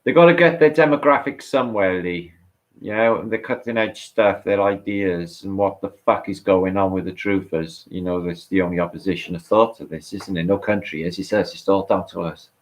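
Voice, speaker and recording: Excitable British man with a very low voice. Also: normal speed. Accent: British English. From England. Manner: excitable, swearing, rambling with restarts. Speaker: online show co-host. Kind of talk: rambling casual chat on a livestream.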